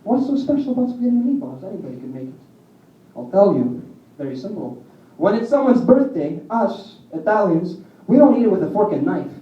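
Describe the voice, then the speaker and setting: This young stand-up comic has a high, very animated voice and talks a little fast as he tells crude, rambling stories. The distant, roomy lo-fi recording from a small club picks up the audience laughing along.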